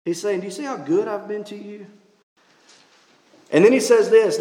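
A man's voice: sits high, moderate pace, pauses often, warm tone. A man preaching a sermon, emphatic and full of rhetorical questions, recorded in a church. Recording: echoey church hall.

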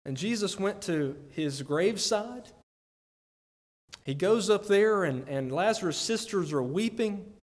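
A man's voice: high voice, animated, unhurried. A man preaching a sermon, earnest and conversational, often checking in with his listeners with "right?". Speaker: pastor. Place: church sanctuary. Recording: long church reverb.

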